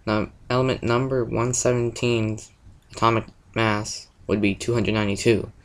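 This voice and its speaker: Male presenter, slightly low voice, steady read-through of a science explanation. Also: normal speed, low-quality recording. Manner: steady, methodical, step-by-step explaining. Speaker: presenter of a school science project. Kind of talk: reading a prepared explanation.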